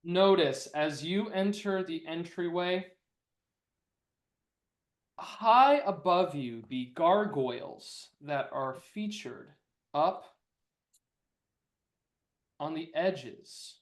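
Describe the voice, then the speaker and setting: A man's voice: fairly high pitch, animated. A man running a tabletop game as dungeon master, casual and playful in his narration. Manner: casual, playful, fast asides.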